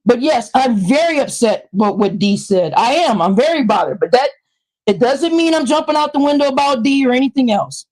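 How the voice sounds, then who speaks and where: A woman with a high voice rants on her live stream into a new microphone. She is heated and profane and often breaks into shouts. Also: expressive, brisk, poor audio. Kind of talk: angry live-stream rant. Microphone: new desktop microphone.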